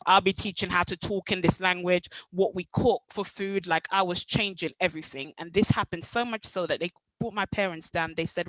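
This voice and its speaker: A young adult woman from Jamaica with a Jamaican accent, telling her own story at a meetup in an animated way. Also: fairly low pitch, a little fast, hardly any pauses, no echo, rough recording. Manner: animated, acts out past dialogue. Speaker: meetup speaker. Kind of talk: personal storytelling talk.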